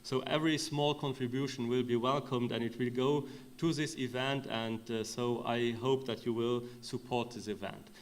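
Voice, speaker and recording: A man's voice: mid-range voice, steady tone, normal speed, hardly any pauses. Man, event organiser, closing speech, hesitant, lots of fillers.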